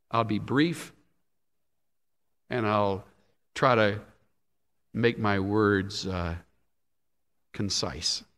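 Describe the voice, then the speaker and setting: A male pastor preaching a sermon, emphatic, rising and dropping sharply in loudness and pitch. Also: big-room sound.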